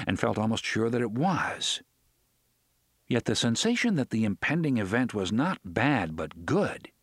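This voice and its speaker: A male audiobook narrator with a lively, wide-ranging delivery and a mid-pitched voice. The reading is close to the mic in a dry, dead room, measured and expressive. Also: husky, dry recording. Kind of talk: scripted narration.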